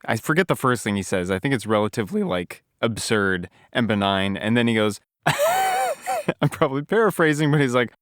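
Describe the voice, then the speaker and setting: Animated man, lively pitch, chatty. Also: fairly quick, clean tone, no room sound, studio quality. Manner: animated, laughing retellings of movie lines. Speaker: podcast co-host. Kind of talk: casual chat.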